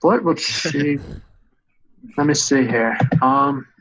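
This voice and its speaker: A man running a tabletop game as game master, thinking aloud with hesitant pauses. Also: fairly high pitch, a bit bright, a little hiss or hum, rough recording.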